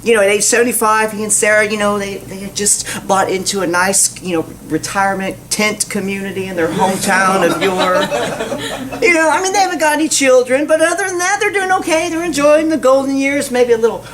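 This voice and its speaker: A woman's voice: medium pitch, a little fast, a little hiss or hum, low-quality recording. A woman preaching a sermon in church, folksy and storytelling, full of rhetorical questions.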